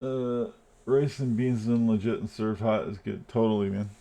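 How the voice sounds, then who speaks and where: A man's voice: lowish voice, fairly even intonation, normal speed, gravelly, mellow. A man live-streaming a game, chatting casually and rambling while he plays, swearing often.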